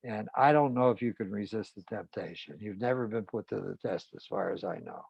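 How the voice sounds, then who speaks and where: A man voices a jealous, controlling husband in a story who pleads and lays down terms. The voice is gravelly. The recording is dull and dry, with no room echo. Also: fairly low pitch, brisk. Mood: pleading.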